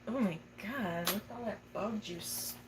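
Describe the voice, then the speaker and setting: A woman's voice: mid-range voice, unhurried. Young woman, casual livestream chat, swears freely, coos at her pet, phone mic, noisy audio. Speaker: tarantula keeper livestreaming.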